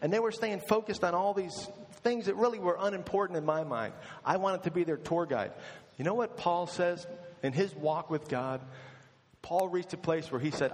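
Male pastor, storytelling sermon, lively asides, echoing hall. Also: high-pitched, moderate pace. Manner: storytelling, animated in quoted asides. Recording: long reverb of a large hall.

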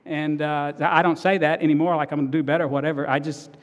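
A middle-aged married man preaching a sermon, telling stories earnestly and swinging between loud and soft. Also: on the high side, little pitch movement, fast, long reverb tail, a little hiss or hum. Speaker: pastor.

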